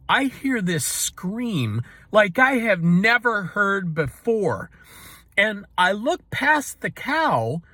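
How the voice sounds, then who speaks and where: A man's voice: extremely high pitch, sharp tone, no echo. A man telling a personal story to his channel in a folksy, rambling way, with many "you know" asides.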